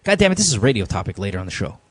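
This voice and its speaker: A man's voice: lowish voice, very animated, racing, slightly rough. A man hosting a podcast, ranting with fiery energy and constant swearing in casual banter. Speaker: podcast host.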